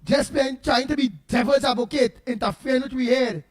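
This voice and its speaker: High-voiced Trinidadian man, animated host. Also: brisk. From Trinidad and Tobago. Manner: animated storytelling, greets listeners by name, laughs at own jokes. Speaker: radio show host. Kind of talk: casual morning talk show banter.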